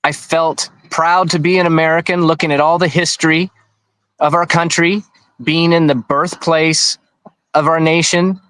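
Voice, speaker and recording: A man's voice: a little high, little pitch movement, moderate pace, fairly bright tone, clean tone, dry recording, low-quality recording. A man being interviewed, recounting events in a rambling, conversational way with frequent restarts. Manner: rambling, with many restarts and asides. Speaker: interview guest.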